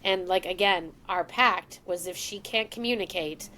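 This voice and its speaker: A woman's voice: lowish voice, normal speed, slight background noise. Woman telling a personal story. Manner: emotional, animated, acts out quoted lines. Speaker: podcast guest.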